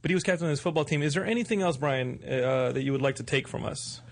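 A Texan host with a slightly high voice, quick pace, and vocal fry runs a casual interview. He jokes and rambles through stories, restarting often.

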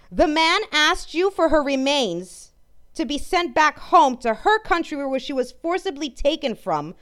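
Woman vlogger, fiery profane ranter, smooth clear tone, slightly high-pitched. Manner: heated, profane, swears often; stumbles and restarts mid-sentence. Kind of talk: angry commentary rant.

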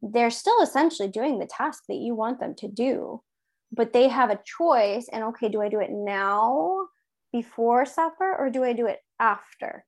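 A woman in her thirties co-hosting a casual parenting talk, animated and acting out quoted lines. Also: moderate pace. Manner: animated, acts out quoted speech in a higher voice.

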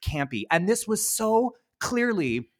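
Animated man mocking a film. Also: high-pitched, slow, no echo, studio quality. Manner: animated, swearing, mocking retellings. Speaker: podcast co-host. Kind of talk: casual film chat.

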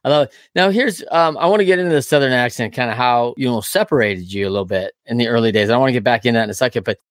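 A man's voice: mid-range voice, rapid-fire, no room sound, clean studio sound. A man hosting an interview show, friendly and teasing, in a chatty, loose way. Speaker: podcast host. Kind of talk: casual interview talk.

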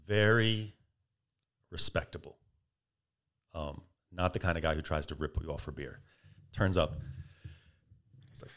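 A man's voice: extremely low pitch, moderate pace, long pauses. A man guest on a podcast, casually telling a story and acting out quotes with energy. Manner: animated storyteller, acts out quotes.

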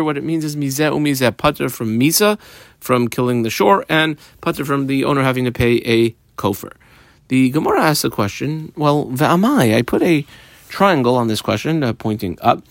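A man teaching a Talmud page, explaining each Aramaic phrase in English in a steady teaching cadence. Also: mid-range voice, no echo, clean studio sound. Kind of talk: daf yomi Talmud lesson.

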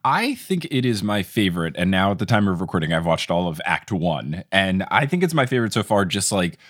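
A man's voice: low-pitched, big pitch swings, fairly quick, a bit bright, no echo. A man hosting a podcast, chatting casually and reading out thanks and plugs in an upbeat way, close to the mic. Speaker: podcast host.

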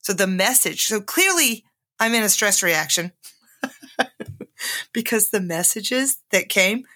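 A woman's voice: mid-range voice, expressive, normal speed, pushed and bright. A middle-aged woman hosting her own podcast, telling a candid personal story in a casual monologue and laughing often. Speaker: podcast host.

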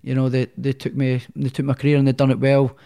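A man's voice: mid-range voice, quick pace, gravelly, smooth. A young man, a professional boxer telling stories in a casual interview, with many restarts. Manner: rambling, animated storyteller with many restarts.

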